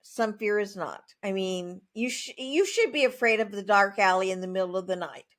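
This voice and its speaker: A woman author speaking as a guest in a conversational interview, emphatic and plain-spoken, with animated asides. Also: medium pitch, moderate pace.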